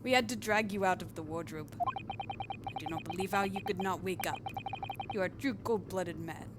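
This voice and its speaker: A woman voicing a gruff, threatening male ship officer with a rough mock Russian accent. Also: lowish voice, huge pitch swings, moderate pace, heavy background noise. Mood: accusing. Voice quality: rough, clumsy put-on accent.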